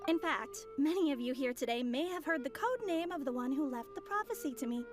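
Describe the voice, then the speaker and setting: A woman's voice: high-pitched, expressive, fairly quick, soft background music. A woman voicing a composed, polite young woman of mystery in a dubbed video game.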